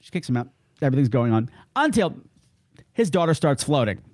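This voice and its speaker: A man co-hosting a podcast, chatting casually and jokily, with quick asides in comic voices. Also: medium pitch, dry recording, studio quality. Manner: jokey, animated, slips into comic voices. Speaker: podcast co-host. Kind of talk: casual chat.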